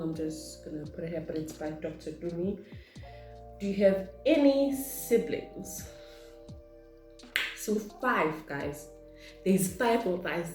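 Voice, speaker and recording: In a relaxed Q&A vlog, a woman from South Africa whose first language is Zulu rambles along, reading out questions and then answering them. Her voice is lowish and dark in tone. The room has a noticeable echo, and faint music sits underneath.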